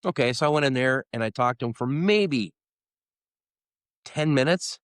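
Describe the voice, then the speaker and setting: A man's voice: medium pitch, animated, moderate pace, no echo. A middle-aged man, co-hosting a podcast in a casual, rambling chat with dry self-deprecating jokes. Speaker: podcast co-host.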